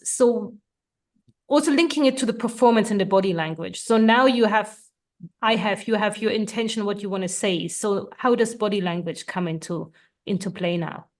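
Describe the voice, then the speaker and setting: A woman's voice: mid-range voice, expressive, normal speed. A woman hosting a podcast interview, speaking in a friendly, affirming, conversational way. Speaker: podcast host.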